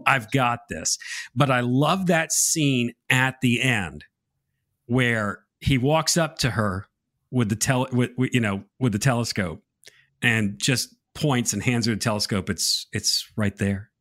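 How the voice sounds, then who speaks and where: A man's voice: medium pitch, a little slow, fairly bright tone. A man co-hosting a live stream, reading out viewer comments and reflecting earnestly on faith in casual chat. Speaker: co-host of a faith reaction stream.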